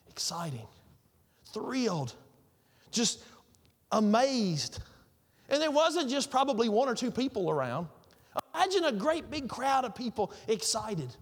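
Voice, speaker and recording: A man with a high voice preaching a sermon as pastor. He tells everyday stories and repeats key phrases for emphasis. His voice rings with the long reverb of a large hall. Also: big pitch swings, normal speed, pauses often.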